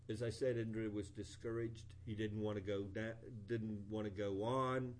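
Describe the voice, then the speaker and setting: A man giving a sermon, retelling an old scripture story in an animated storytelling voice with rising emphasis. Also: fairly low pitch, moderate pace, few pauses, slight background noise. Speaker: preacher.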